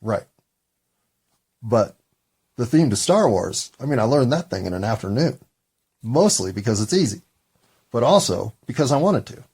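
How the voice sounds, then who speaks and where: A man's voice: mid-range voice, big pitch swings, normal speed, pauses often, a little mellow, husky. A man in his fifties in a casual, rambling, self-deprecating solo monologue. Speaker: solo podcaster.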